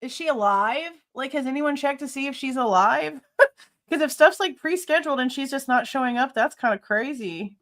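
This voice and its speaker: A woman's voice: high voice, animated, moderate pace, fairly bright tone. A woman hosting a casual livestream, chatting with viewers and greeting them by name, laughing often. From Ohio. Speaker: livestream host.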